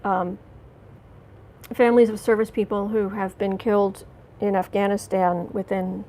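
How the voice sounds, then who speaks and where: A woman with a mid-range voice hosts a live tarot stream, reading cards and answering chat. She's angry but trying to stay calm, and her speech is halting, with fillers and restarts.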